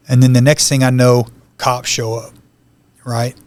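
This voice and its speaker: A man in the guest seat of a podcast, telling his own story in plain, conversational speech. His pitch sits in an ordinary middle range, and he briefly acts out the lines of the people he meets. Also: flat delivery, a little fast, dry recording. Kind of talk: personal testimony.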